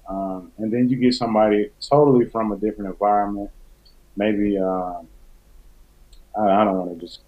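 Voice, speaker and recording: A man who is a podcast guest, talking in a supportive, affirming way with plenty of fillers. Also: on the low side. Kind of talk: casual podcast conversation. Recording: dull lo-fi audio.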